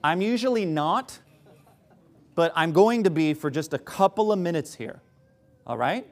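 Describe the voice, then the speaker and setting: A man's voice: fairly high pitch, animated, measured pace. A man preaching a sermon to a congregation, sarcastic in places and emphatic in his points.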